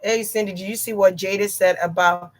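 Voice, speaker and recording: A woman's voice: medium pitch, steady tone, brisk. A woman chatting casually to her viewers on a livestream tarot reading, slangy and direct.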